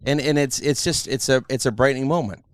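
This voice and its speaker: In clean, dry studio sound, a middle-aged podcast host spins stories during casual chat, performing other people's words with animation. He has a smooth, mid-range voice and talks fast.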